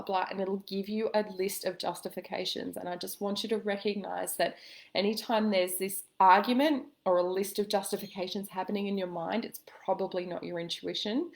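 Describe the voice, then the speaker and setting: A woman coaching listeners in a calm, gentle way, giving a spoken self-help lesson with slow pauses. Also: fairly low pitch, gravelly. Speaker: intuitive coach.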